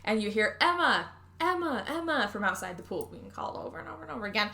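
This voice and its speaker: A woman hosting a podcast, recapping a movie in casual chat, animated and swearing, acting out the characters' lines. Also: mid-range voice, racing, vocal fry. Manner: animated, swearing, acts out quotes. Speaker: podcast host.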